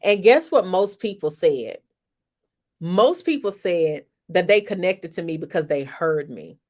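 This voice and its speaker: A woman's voice: lowish voice, expressive, measured pace, a little mellow. A woman business coach giving an emphatic, motivational talk on a social media live, repeating key phrases like a preacher.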